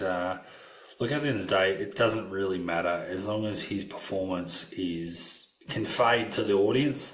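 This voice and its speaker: A man's voice: fairly low pitch, a bit bright. A man co-hosting a casual film podcast, talking in a rambling way with many fillers and restarts. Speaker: podcast co-host. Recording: roomy echo.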